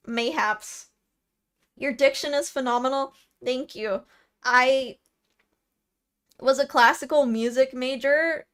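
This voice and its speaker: A young woman with a Californian accent chats slowly and easily with her stream, her voice sitting a little high. She reads comments aloud, laughs often and trips over her own words as she answers. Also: fairly bright tone, clean tone. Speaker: VTuber streamer. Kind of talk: casual live-stream chat, reading comments.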